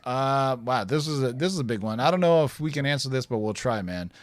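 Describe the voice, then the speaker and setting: A man's voice: medium pitch, animated, brisk, no room sound. A man co-hosting a casual live stream, reading viewer questions and rambling with self-corrections and chuckles.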